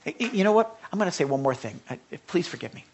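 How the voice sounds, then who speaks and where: This pastor's voice is high-pitched, very animated and breathy-edged. He preaches conversationally, stumbling and repeating himself before starting again, his quiet asides erupting into fervent outbursts.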